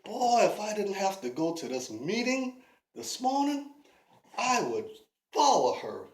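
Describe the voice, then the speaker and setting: A woman voicing a brash, flirty, hot-tempered man who sweet-talks and then yells, recorded in a roomy space. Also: mid-range voice, very animated, a little slow. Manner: smooth-talking, then yelling. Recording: roomy echo.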